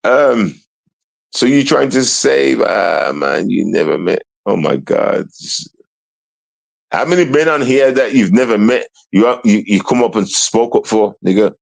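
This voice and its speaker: A young man talks loosely to his livestream viewers, his pitch swinging up and down as he rambles. He plays at being sad and keeps calling out to everybody. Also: lively intonation, a little slow, creaky, poor audio. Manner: rambling, mock-sad, repeatedly addressing "everybody". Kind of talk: casual livestream chat to viewers.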